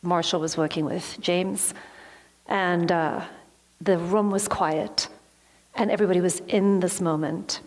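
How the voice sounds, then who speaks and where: A woman's voice: lowish voice, steady tone, a little slow, darkish tone. A woman giving a motivational talk to a live audience, telling a personal story and acting out her own reactions. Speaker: motivational speaker. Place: large hall with an audience. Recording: long hall reverb.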